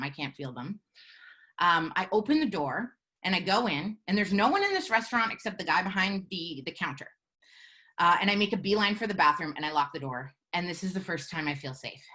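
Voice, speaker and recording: A woman telling a personal story live, in an earnest, measured way with halting pauses. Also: on the low side, sharp tone. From Canada.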